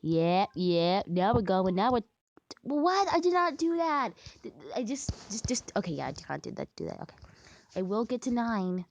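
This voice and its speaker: A woman's voice: lowish voice, animated, moderate pace, creaky, darkish tone, muffled recording. A young woman chatting casually while she plays a game, singing made-up songs and breaking into sudden frustrated squeals. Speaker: gaming vlogger.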